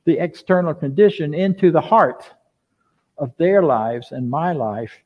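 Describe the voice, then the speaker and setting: Older male minister, lively questioning sermon. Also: a little high, a little slow. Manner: lively, with repeated rhetorical questions to the congregation. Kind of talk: conversational sermon. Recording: dull lo-fi sound.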